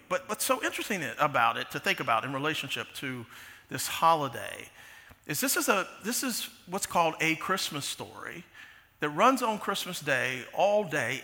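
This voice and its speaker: A man's voice: fairly high pitch, sharp tone, big-room sound. A man preaching a sermon as pastor, conversational and full of restarts and fillers, in a large church sanctuary.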